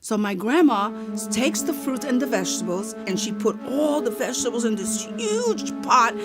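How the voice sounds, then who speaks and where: A woman telling a family story to children in a lively, animated way. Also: a little high, normal speed, loud music behind the voice.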